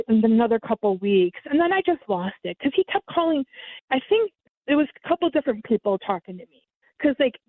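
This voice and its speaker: A woman telling the story of a scam in casual chat, animating it by mimicking others in a raised voice. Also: no room sound. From United States. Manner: lively, mimics others with sudden high pitch jumps. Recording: tinny phone line, dry.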